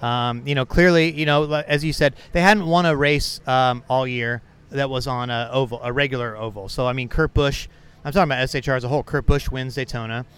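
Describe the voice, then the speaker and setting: A man's voice: mid-range voice, fairly even intonation, fairly quick, fairly bright tone, clear, resonant tone. A man reporting on motorsport, interviewing with a dry, teasing, mock-serious manner in a casual podcast chat. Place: outdoors at a racetrack.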